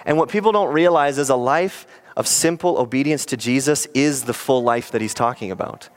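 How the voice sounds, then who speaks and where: A man preaching as a pastor in an earnest, animated sermon, often acting out quoted lines. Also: medium pitch, fairly quick.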